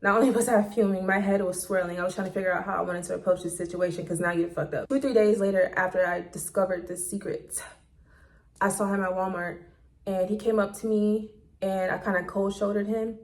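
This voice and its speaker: A woman vlogger talks straight into her phone, recounting a personal story in a loose, casual monologue. She is candid and blunt and swears freely. Her voice sits at an ordinary pitch for a woman. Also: fairly even intonation, brisk.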